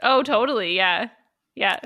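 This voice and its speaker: A woman co-hosts a relaxed podcast chat, rambling with plenty of filler words. Her voice is bright and sharp at a mid pitch. It is recorded close and dry. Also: dry recording. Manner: chatty, lots of fillers, quick to laugh. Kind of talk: casual chat.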